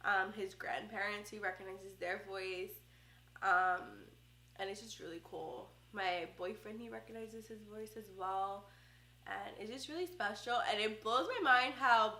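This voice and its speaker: A young woman talks straight to a close camera in a loose, heartfelt vlog chat, full of "like" and "um." Her voice is bright and forward. The room around her rings with noticeable echo. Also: medium pitch, a little slow. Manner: chatty, heartfelt, many fillers like "like" and "um". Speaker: vlogger, first-time mom. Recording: roomy echo.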